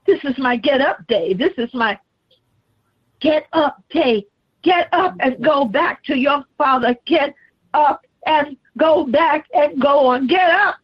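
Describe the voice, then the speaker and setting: A woman's voice: high voice, expressive, slow. A woman preacher voicing Jesus as a suffering man carrying the cross, pleading and crying out in a dramatic sermon portrayal. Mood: resolute. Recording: slightly dull lo-fi recording.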